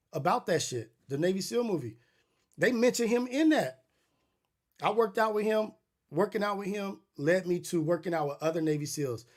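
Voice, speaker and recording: A middle-aged man hosting a podcast, telling stories in a loose, profane, rambling way with many restarts. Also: high voice. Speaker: podcast host. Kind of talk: casual storytelling monologue.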